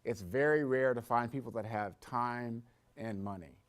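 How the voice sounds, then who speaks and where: Man, mid pitch, motivational talk, storytelling, emphatic build-ups, joking asides. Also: moderate pace.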